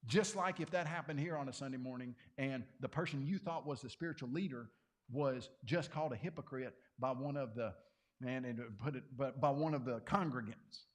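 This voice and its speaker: A man teaching a Bible class to a congregation, conversational and animated, often questioning his listeners. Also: on the high side.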